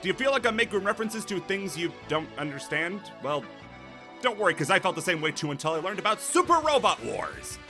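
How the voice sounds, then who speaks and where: A man's voice: high voice, big pitch swings, a little fast, over music. A man hosting a comedic video essay, narrating with sarcastic, jokey asides.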